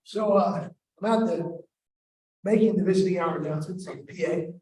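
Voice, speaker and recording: A man's voice: high voice, brisk, a little mellow. A man telling a personal story at a summit, wry and self-mocking, with humorous asides. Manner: wry, self-mocking, acts out quoted voices. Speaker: summit speaker. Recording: echoey hall from far off, faint noise.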